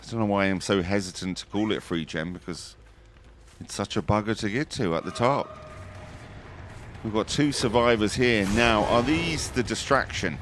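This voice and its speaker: Man, fairly low voice, live match commentator, jokey, excitable outbursts. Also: normal speed, a little hiss or hum. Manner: chatty, jokey, bursts into excited high exclamations. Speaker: esports commentator.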